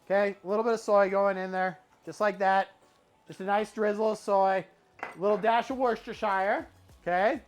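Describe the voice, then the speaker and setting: A woman's voice: mid-range voice, steady tone, moderate pace, soft background music. Playful woman hosting a cooking stream. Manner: playful, talks through each cooking step. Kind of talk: casual cooking stream chat.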